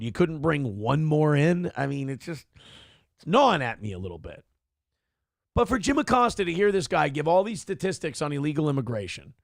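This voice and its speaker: High, gravelly-voiced man ranting profanely. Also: dry recording, clean studio sound. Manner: profane, animated, sarcastic. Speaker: morning show host. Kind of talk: ranting commentary on news clips.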